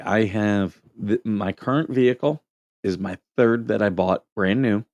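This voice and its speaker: A man's voice: on the low side, darkish tone, dry recording, dull audio. A middle-aged man, a Marine veteran, hosting a casual livestream, reading comments and telling joking stories. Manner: joking storyteller, laughs at own anecdotes.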